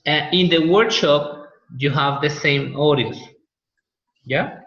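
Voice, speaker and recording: Male teacher, slightly higher voice, patient explainer, roomy lo-fi line. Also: slow pace, fairly bright tone. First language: Spanish. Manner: explaining patiently, repeats words for pronunciation. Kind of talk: online class lecture. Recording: echoey, dull lo-fi audio.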